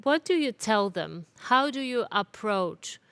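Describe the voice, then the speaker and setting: A woman's voice: mid-range voice, expressive, slow pace, a bit bright, smooth, dry recording. A woman with a Polish accent interviewing a guest, careful and hesitant with many fillers. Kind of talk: interview questions.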